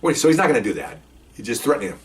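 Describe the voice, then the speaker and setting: An older man, a retired police officer, telling a story in a casual, animated way, laughing and acting out voices. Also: mid-range voice, racing, distant mic.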